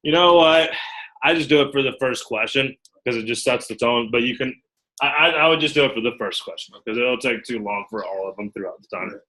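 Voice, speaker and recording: A man is coaching a small group of recruiters in a meeting room, acting out quotes and often asking "okay?" to check they're following. His middle-pitched voice is bright and forceful, his delivery lively and animated, and the recording is brisk and low in quality.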